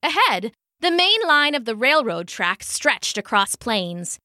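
Female storyteller, children's read-aloud, bright and lively, dry close sound. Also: on the high side, takes it slowly, no echo. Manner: animated, expressive reading with sound-effect words.

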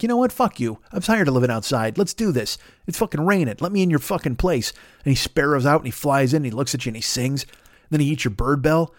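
Podcast guy ranting for laughs, swears a ton, keeps restarting, slightly high voice. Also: a little mellow, no room sound, studio quality. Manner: profane, rambling, full of restarts and acted-out bits. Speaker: podcast host. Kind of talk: comedic rant.

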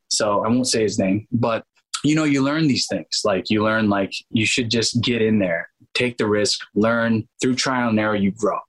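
Husky man telling animated stories. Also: lowish voice, low-quality recording. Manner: animated, laughs often, acts out quotes. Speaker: interview guest, actor. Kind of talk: casual interview storytelling.

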